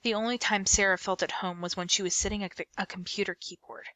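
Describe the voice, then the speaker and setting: A woman reading a middle-grade novel aloud in an expressive storybook manner. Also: medium pitch, quick pace, dry recording. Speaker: book reader.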